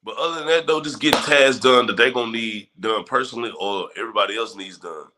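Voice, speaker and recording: A man hosting a casual livestream, giving advice and answering chat viewers in a relaxed, conversational way. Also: medium pitch, fast talker. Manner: laid-back, talks straight to chat viewers. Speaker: livestream host.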